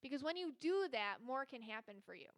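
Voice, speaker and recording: A woman's voice: high voice, expressive, fairly quick, no echo. A woman hosting a podcast as a psychic reader, talking casually in a chatty, rambling way with many filler words. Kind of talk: casual solo podcast talk.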